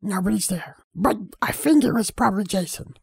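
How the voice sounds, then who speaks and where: A woman's voice: medium pitch, expressive, a little fast, creaky, breathy edge, no room sound. A woman comically recapping a horror film, rambling and acting out the characters with silly voices and sound effects. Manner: rambling, goofy, acts out characters. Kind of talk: comedic retelling with silly voices.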